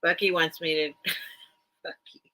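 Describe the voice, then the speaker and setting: A middle-aged woman chats her way through a home live-stream sale, rambling and filling gaps with ums. Her voice sits low but rings bright and forward. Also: little pitch movement, takes it slowly, rough recording. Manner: chatty, rambling, many filler ums. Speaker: online vintage seller. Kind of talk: casual live-stream sales chat.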